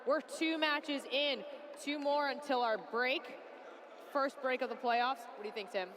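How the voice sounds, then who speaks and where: A woman commentating a robotics competition live from an arena booth, with excited exclamatory play-by-play. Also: high voice, unhurried, a crowd in the background.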